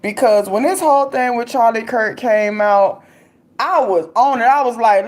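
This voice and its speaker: Reading comments from her viewers, a young adult livestream host keeps the commentary chat relaxed and chatty. Her voice is a little high and darkish at a normal speed, and she laughs frequently and speaks in slang.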